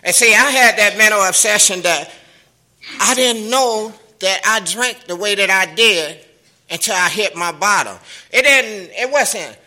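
A middle-aged man speaking African American Vernacular English, sharing his recovery story at a meeting in an animated, streetwise manner with profanity and laughter. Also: high-pitched, poor audio.

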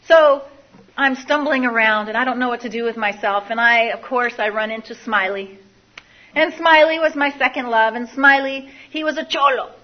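A woman's voice: a little high, normal speed, lo-fi sound. A woman telling her own life story to an audience, candid and confessional, often repeating phrases. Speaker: speaker sharing a recovery story. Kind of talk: personal testimony to an audience.

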